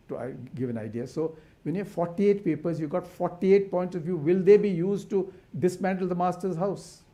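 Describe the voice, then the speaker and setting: A man's voice: on the high side, dark tone. A man giving an impassioned symposium talk, asking rhetorical questions with frequent restarts. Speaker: conservation academic speaker.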